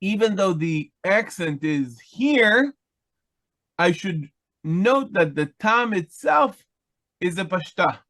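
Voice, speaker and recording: A man teaching a biblical Hebrew lesson over a video call, his voice sitting a little high for a man. He talks slowly and haltingly, with many fillers and restarts as he works through the text. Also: animated, fairly bright tone. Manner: chants Hebrew text quickly.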